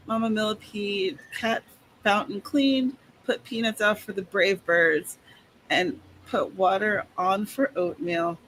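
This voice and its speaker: A woman's voice: mid-range voice, steady tone, takes it slowly, fairly bright tone, a little hiss or hum. A woman hosting a casual livestream for writers, chatting, reading out updates and laughing often. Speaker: host, author. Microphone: video call.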